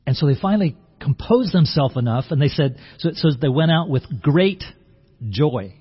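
A man's voice: fairly high pitch, expressive, moderate pace, husky, muffled recording. A man preaching a sermon in a conversational way, acting out the scene and often restarting his words. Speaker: pastor.

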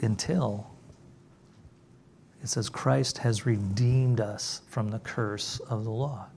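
A man preaching a sermon as pastor, emphatic, dropping low and soft on key words. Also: fairly even intonation, slow pace, gravelly, slight background noise.

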